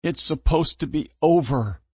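A man voicing a terrified young man who shouts high, strained pleas in a storybook reading. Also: measured pace, breathy edge, dry recording. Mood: distraught.

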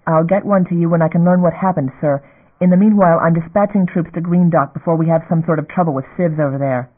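A man's voice: a little high, steady tone, fast, natural voice. A man reading the part of a tough woman starship captain, giving clipped, urgent orders. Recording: phone-like narrow band.

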